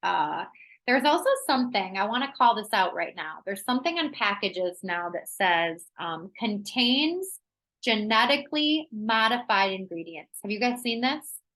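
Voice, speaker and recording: A woman presenting a live online wellness workshop on a video call, talking in an energetic, chatty way with frequent "um"s. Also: medium pitch, unhurried, rough recording.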